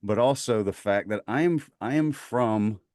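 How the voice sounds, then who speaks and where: Southern man, low-pitched, eager talker full of ums and you-knows; podcast guest. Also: moderate pace, a little mellow, clear, resonant tone, dry recording, clean studio sound. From Mississippi, US. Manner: enthusiastic, rambling, many fillers. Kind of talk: casual conversation.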